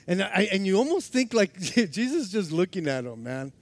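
A man with a fairly high voice preaches a lively sermon. He laughs often and acts out the lines he quotes, dropping from loud to hushed and back. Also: moderate pace, no echo. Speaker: pastor.

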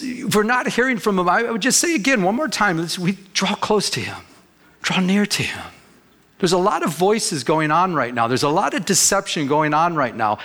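Guy pastor preaching a sermon, repeats himself for emphasis, kinda high voice. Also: a bit bright. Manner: emphatic preaching, repeats phrases, acts out quoted people.

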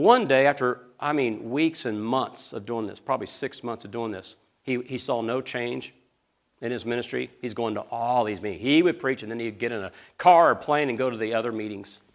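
A man preaches a sermon with vocal fry, swinging between loud, rising questions thrown at the crowd and low, hushed storytelling.

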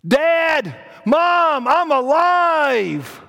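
A man's voice: high-pitched, lively intonation, moderate pace, pitched above the performer's own voice. A man preaching, acting out a young firstborn boy who breathlessly realizes he is alive. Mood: amazed. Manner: breathless repeated exclamations. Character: young firstborn boy, stunned then overjoyed. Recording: long church hall reverb.

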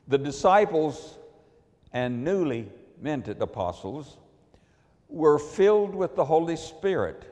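A male preacher unhurriedly tells a wry anecdote in his sermon, his voice sitting at an ordinary middle pitch. The sound rings with the long reverb of a large hall. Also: darkish tone. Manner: wry, storytelling.

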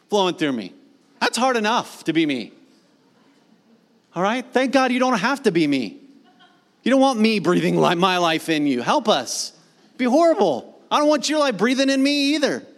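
High-voiced man preaching with casual energy. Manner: casual, animated preaching with slang and acted asides. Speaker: pastor. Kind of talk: sermon.

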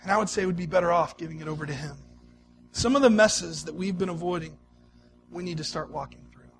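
High-voiced male pastor preaching. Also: fairly quick, a little hiss or hum. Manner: conversational storytelling, swings between soft and emphatic. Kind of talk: sermon.

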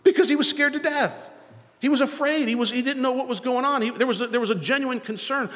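A man preaching a sermon in a church, swinging between loud, emphatic lines and hushed ones. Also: very high voice, quick pace, big-room sound. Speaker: pastor.

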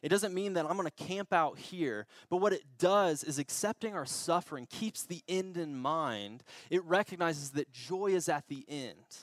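A man's voice: a little high, normal speed, hardly any pauses, no echo, studio quality. A young man preaching a conversational sermon, telling a personal story with frequent laughs and self-corrections. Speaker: pastor. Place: church.

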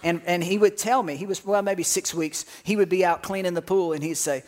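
A man's voice: high voice, fairly even intonation, a little fast, few pauses, darkish tone. A man preaching a sermon as pastor, telling joking stories with bursts of laughter.

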